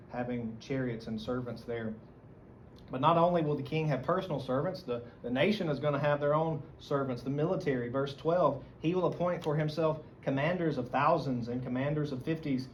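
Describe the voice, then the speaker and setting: A man with a Southern American accent teaching a church Bible study, reading scripture aloud and explaining it earnestly. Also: medium pitch. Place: church meeting room. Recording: dull lo-fi recording, faint room noise.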